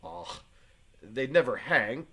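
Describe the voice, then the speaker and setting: A man's voice: medium pitch, big pitch swings, slow pace, bright, forceful tone, breathy edge, full character voice. A man reading an earnest, stubborn farmer. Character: John Proctor, earnest stubborn farmer husband. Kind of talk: reading play aloud to a class.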